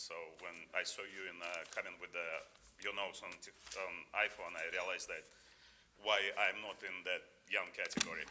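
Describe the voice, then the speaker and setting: A man's voice: sits low, noisy background. A man in his fifties with a non-native English accent, giving an informal award acceptance speech full of fillers and restarts. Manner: hesitant, many fillers and restarts, jokey.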